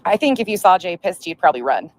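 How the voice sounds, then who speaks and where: A woman's voice: lowish voice, big pitch swings, quick pace. A woman hosting a commentary stream, answering played clips with blunt, sarcastic retorts. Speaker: commentary channel host.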